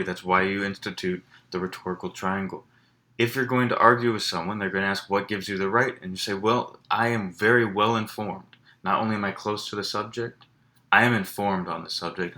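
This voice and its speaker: A man's voice: low voice, sharp tone, a little hiss or hum. A man teaching a college writing class in a recorded lecture, explaining in a conversational way with fillers and restarts. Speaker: college English instructor.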